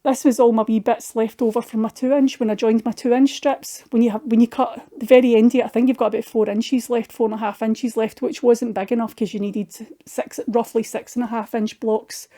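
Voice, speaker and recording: A woman's voice: on the high side, steady tone, fairly quick, hardly any pauses, warm tone. A middle-aged Scottish woman chatting casually through her craft projects, homely and full of little restarts. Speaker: craft vlogger. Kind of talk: casual show-and-tell chat.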